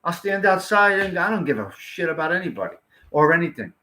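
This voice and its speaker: A man's voice: sits high, very animated, brisk, bright, forceful tone. A man hosting a casual livestream, chatting to viewers in a blunt, rambling way and swearing freely. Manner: blunt, rambling, salty-mouthed. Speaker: livestream host.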